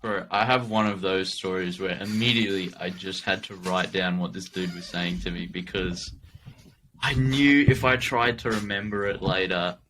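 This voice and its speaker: A man with a New Zealand accent in casual podcast chat, animated and profane. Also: sits low, moderate pace, a little hiss or hum. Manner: animated, profane, laughing along. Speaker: podcast co-host.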